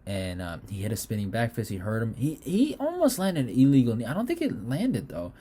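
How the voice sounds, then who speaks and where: Excitable man breaking down a fight. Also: medium pitch, brisk, husky. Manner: excitable, swears freely, animated asides. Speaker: fight analyst.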